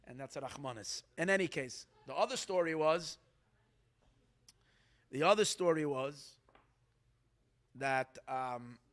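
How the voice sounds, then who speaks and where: A man, a rabbi, telling stories at a gathering in an animated, halting way, with many restarts. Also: fairly high pitch. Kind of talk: storytelling talk.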